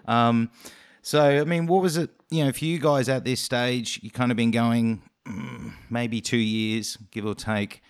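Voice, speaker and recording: A man's voice: mid-range voice, fairly even intonation, unhurried, clear, resonant tone. A man with an Australian accent, hosting a casual podcast interview and asking rambling, friendly questions. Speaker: podcast host.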